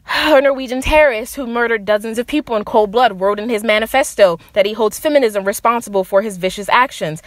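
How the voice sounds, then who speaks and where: Angry, profane woman ranting, high voice. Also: brisk, no echo, studio quality. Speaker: podcast host. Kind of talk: impassioned solo rant.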